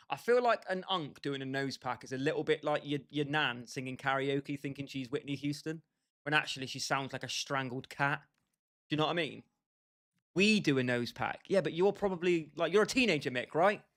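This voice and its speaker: A man's voice: on the high side, fairly bright tone. A young British man casually chatting with his livestream viewers, bantering with them by name and laughing often. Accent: British English. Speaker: streamer.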